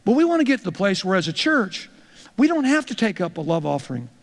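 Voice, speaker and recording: High-voiced pastor in an echoing hall. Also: male voice, very animated, quick pace, gravelly. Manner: conversational storytelling, repeats words when starting phrases. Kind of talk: teaching talk to church leaders.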